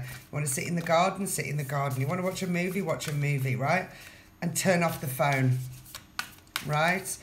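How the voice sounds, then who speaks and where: A woman's voice: low-pitched, slight background noise. A woman giving a casual tarot reading, talking straight to the viewer and repeating her phrases. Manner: chatty, repeats phrases, addresses the viewer directly. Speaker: tarot reader.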